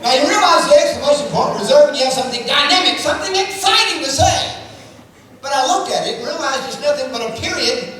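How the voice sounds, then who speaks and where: A man doing an animated stand-up comedy routine, drawing out lines and breaking into shouted sound effects. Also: extremely high pitch, fast. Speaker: comedic speaker on stage. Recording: echoey hall from far off, noisy. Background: audience laughter.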